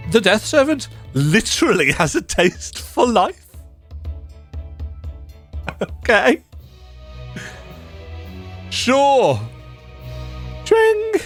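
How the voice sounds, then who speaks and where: A man chatting casually as he plays through a game, joking at his own expense. His voice runs high and leaps around a lot in pitch. Quiet game music plays behind him. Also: big pitch swings, drawn-out words, pauses often. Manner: self-deprecating and jokey. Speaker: video game streamer. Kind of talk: casual let's-play commentary.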